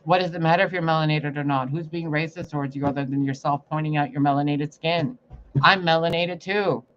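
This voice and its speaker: Acting as a psychic reader, a man launches into a profane, confrontational spiritual rant. His voice is a little high and fairly bright, with fairly even intonation and a fairly quick pace. The audio is muffled and lo-fi, with faint noise.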